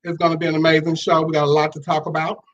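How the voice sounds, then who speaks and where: A man from Louisiana hosting a casual live-stream talk show, sassy and animated, greeting viewers as child and honey. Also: fairly high pitch, rapid-fire, dull audio. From Monroe, Louisiana.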